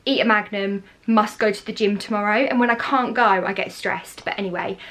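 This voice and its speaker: A woman's voice: mid-range voice, a little fast, a bit bright. A young woman chatting to camera at home in a casual, rambling, self-deprecating way. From England. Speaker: vlogger. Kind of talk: casual vlog chat to camera. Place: at home indoors.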